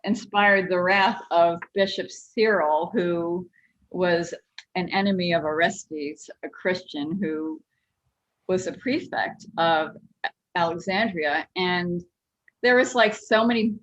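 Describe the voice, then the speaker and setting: A woman cartoonist and author telling stories as an interview guest, animated and chatty. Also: lowish voice, slow pace. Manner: animated storyteller, lots of "like". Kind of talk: casual interview chat.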